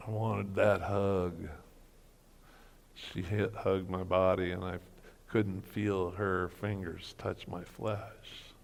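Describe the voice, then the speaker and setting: A middle-aged man giving an earnest personal testimony as a guest speaker, telling his story slowly. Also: low-pitched, flat delivery, vocal fry, in a large hall. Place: church hall breakfast gathering.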